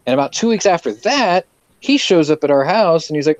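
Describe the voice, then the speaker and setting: A man's voice: fairly high pitch, quick pace, no echo. Profane storytelling man on lo-fi chat. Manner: storytelling, profane, animated quoting. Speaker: lobby host. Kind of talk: casual chat.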